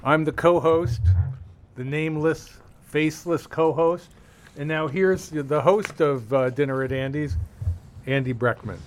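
A man's voice: fairly high pitch, a little slow, slight background noise. A man co-hosting a comedy radio show, playfully going along with the jokes at a studio microphone. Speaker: radio co-host.

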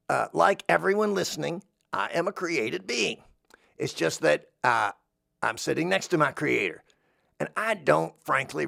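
A man's voice: a little high, creaky, sharp tone, dry recording, clean studio sound, heavily acted. A man doing Lou, a hesitant sock creature. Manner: hesitant, rambling, with many fillers. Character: vague-memoried male sock creature, mild and earnest. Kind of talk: comedic podcast interview bit.

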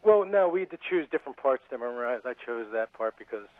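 Earnest student caller on a phone line. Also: male voice, medium pitch, expressive, fast talker. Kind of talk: call-in radio chat. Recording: tinny phone line, dry.

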